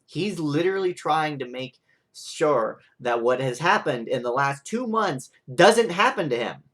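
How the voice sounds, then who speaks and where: A man's voice: on the high side, lively intonation, a little slow, fairly bright tone. A young man rants in a vlog monologue, rambling and frustrated, full of "like" and "right?" tag questions. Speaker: vlogger. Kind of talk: ranting monologue.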